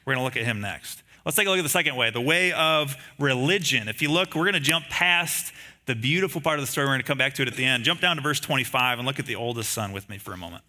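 A man's voice: mid-range voice, expressive, fast talker, bright, forceful tone. A man preaching a sermon in a conversational way, telling stories, asking the listeners rhetorical questions and acting out the lines of the people in the story. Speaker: pastor.

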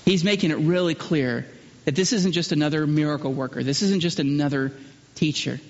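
A male pastor preaching a sermon and asking the congregation questions. He builds to loud, emphatic peaks and drops low and quiet for solemn lines. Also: fairly quick. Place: church hall. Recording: muffled sermon recording with long hall reverb.

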